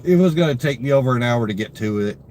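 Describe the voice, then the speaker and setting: A young man chats through his live stream, worn out and yawning, reading viewer comments aloud and greeting them by name. His talk rambles with plenty of fillers, in an everyday mid-pitched voice. A faint hiss sits under the desk-mic recording. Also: expressive, fast talker, darkish tone. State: tired, yawning. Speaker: livestream host.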